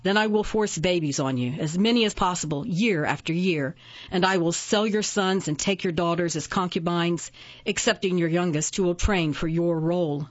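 A woman's voice: fairly low pitch, moderate pace, lo-fi sound, close to an everyday voice. Woman reading as Kai-Hu, a haughty scheming nobleman. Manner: haughty, commanding. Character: arrogant young nobleman, scheming, commanding.

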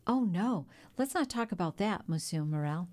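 A woman's voice: lowish voice, lively intonation, moderate pace, dark tone, natural voice. A woman doing a blunt old sailor. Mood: earnest.

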